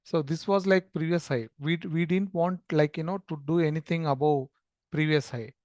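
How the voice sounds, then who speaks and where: A man walks through a trading chart as a screen-share lesson, explaining in a steady, filler-laden way. His voice sits a little high for a man and is recorded close and dry, with no room sound. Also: normal speed, no room sound. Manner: explanatory, with frequent fillers and restarts. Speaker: trading educator.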